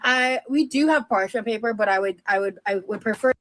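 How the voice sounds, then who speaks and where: A woman's voice: fairly high pitch, a little fast, background noise. A woman chatting casually in a played clip, joking in a wry, offhand way. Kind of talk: casual chat.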